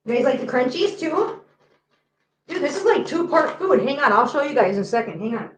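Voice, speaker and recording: A woman's voice: high-pitched, big pitch swings, fairly quick, roomy sound, slight background noise, low-quality recording. A woman hosting a casual livestream from home, chatting and joking while she talks to her cats. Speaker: host.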